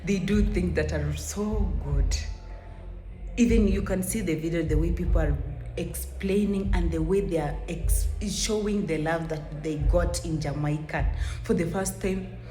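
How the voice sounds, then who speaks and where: A woman with a low, mellow voice hosts a reaction video and comments earnestly, repeating her praise. The room is echoey, with faint music playing behind her. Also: unhurried.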